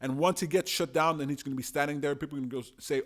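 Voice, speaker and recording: A man's voice: on the high side, rapid-fire. A young man giving casual, emphatic political commentary in a solo monologue, now and then acting out the people he talks about. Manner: animated, emphatic, acts out quoted voices.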